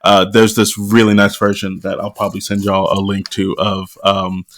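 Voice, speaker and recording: A man's voice: low voice, completely flat delivery, moderate pace, a bit bright. A man co-hosting a podcast, talking in an easygoing, playful, conversational way. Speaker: podcast co-host. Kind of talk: casual podcast discussion.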